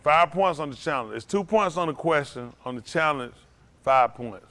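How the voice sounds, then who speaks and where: A man runs a lively trivia game and teases the players. His voice sits a little high and jumps even higher when he protests. He talks in a loose, joking way. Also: moderate pace, dry recording. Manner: animated, jokey, rising to high exclaims. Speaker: quiz host. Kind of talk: casual trivia game hosting.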